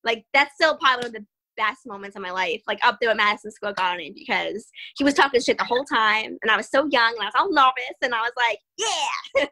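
Bright, animated young woman storyteller. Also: fairly high pitch. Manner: animated, fast, full of "like" and laughter. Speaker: MMA fighter, guest. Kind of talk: casual storytelling interview.

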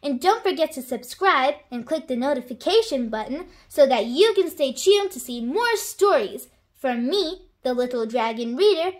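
A woman reading a children's picture book aloud, with clear, expressive storytelling. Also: high voice, normal speed.

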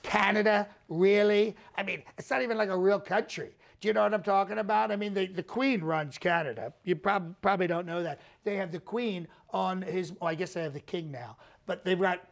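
Comic impression: man as bragging ex-president, high and gravelly, rambling and repetitive. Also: fairly quick, few pauses. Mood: mocking. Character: boastful male ex-president, rambling and self-praising. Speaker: comedian doing a live impression. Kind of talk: improvised comedic press conference.

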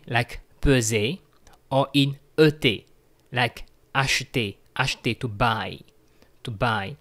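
A male teacher walks through French verb conjugation at an unhurried pace. He repeats each example twice for his learners. His voice sits in a plain middle register. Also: medium pitch. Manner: slow, patient, repeats words for learners. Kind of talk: grammar lesson.

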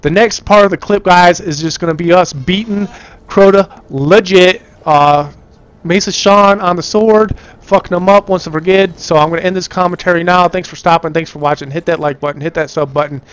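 Profane excitable young man on game commentary. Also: sits high, moderate pace, clean tone. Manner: profane, excitable, swings from calm to yelling. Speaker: gamer doing video commentary.

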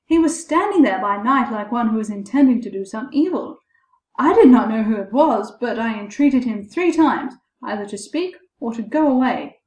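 Fearless, simple youth, woman reader, loud and blunt, echoey. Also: on the high side, expressive, moderate pace, lightly acted. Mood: earnest. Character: fearless simple-minded young man, blunt and bold. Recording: echoey room.

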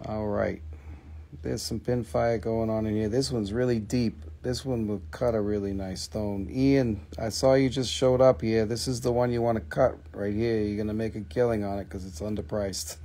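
On a live stream, a man sells minerals, showing and pricing stones while chatting casually and cracking jokes like a friendly salesman. His lowish voice is warm, with fairly even intonation and a moderate pace.

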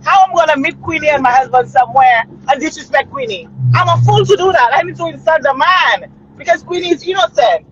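A middle-aged woman tells a story in a chatty way, stopping often to check in with her listener. Her voice is very high, and the recording sounds a little muffled. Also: expressive, fairly quick, slight background noise. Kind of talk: casual storytelling chat.

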